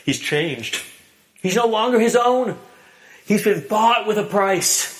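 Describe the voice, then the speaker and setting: A man delivers a sermon in a high voice with wide, animated swings of pitch. He tells a story, dropping low and quiet on the serious points. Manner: storytelling, dramatic swings from booming to hushed. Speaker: preacher.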